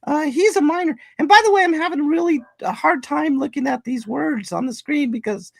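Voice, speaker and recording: A man voicing a crude, rambling old man with a high creaky falsetto, stammering through a comedy reading. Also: expressive, fairly quick, no echo, exaggerated voice.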